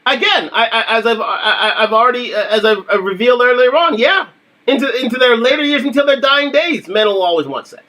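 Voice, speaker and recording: A man's voice: extremely high pitch, lively intonation, brisk, pushed and bright. A young adult man hosting a casual livestream, talking emphatically and repeating his points. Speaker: livestream host.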